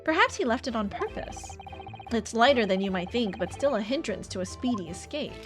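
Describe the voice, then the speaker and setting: A woman reading the lines of a polite, earnest young male lawyer in a formal, measured way. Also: on the high side, big pitch swings, music in the background.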